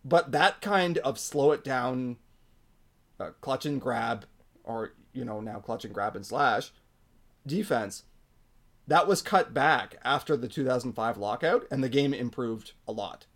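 Male podcast co-host, casual, opinionated, middle pitch. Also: measured pace. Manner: opinionated, animated, frequent fillers. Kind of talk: casual hockey chat.

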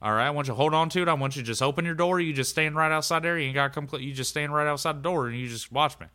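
A man voicing a brash, crude male trucker who blusters and cusses loudly in a tabletop game. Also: on the high side, rapid-fire, voice pushed up. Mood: commanding. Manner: loud, blustering, cussing.

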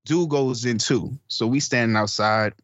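A man's voice: mid-range voice, measured pace, fairly bright tone, dry recording, dull audio. A man co-hosting a podcast, telling a story in a casual chat with friends, acting out the people in it, swearing and laughing often. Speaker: podcast co-host.

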